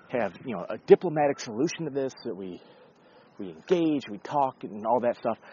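Blunt male commentator, casual and profane, animated intonation, slightly dull sound. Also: mid-range voice, a little hiss or hum. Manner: blunt, profane, conversational, with restarts.

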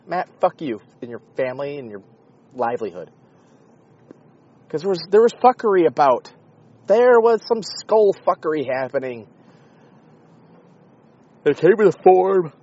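A man hosting a podcast, talking in a rambling, sarcastic, profane comedic monologue with a husky voice. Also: high-pitched, big pitch swings, a little slow, long pauses, a little mellow, dull audio. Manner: rambling, sarcastic, swears often. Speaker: podcast host.

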